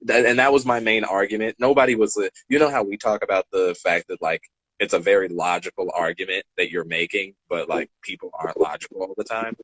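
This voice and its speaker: A man in his twenties co-hosting a podcast, telling stories in a casual, animated way and acting out the dialogue. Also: sits low, brisk, husky, dry recording, rough recording. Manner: animated, acts out dialogue, laughs between lines. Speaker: podcast co-host. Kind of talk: casual storytelling chat.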